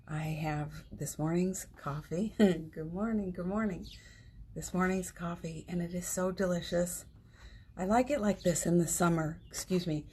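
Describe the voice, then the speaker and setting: Woman, live-stream host, low pitch, husky tone, soft-spoken, affectionate, laughs easily, recorded on a phone. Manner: gentle, affectionate and uplifting, greets viewers by name; laughs often, speaks softly. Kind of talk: casual live-stream chat to viewers.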